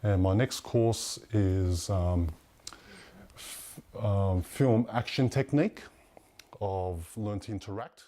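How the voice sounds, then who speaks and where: A man, an actor, talking haltingly through his headshot and acting course certificates. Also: lowish voice, dark tone. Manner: halting, plain presenting. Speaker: actor showing his credentials. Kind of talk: casual narration.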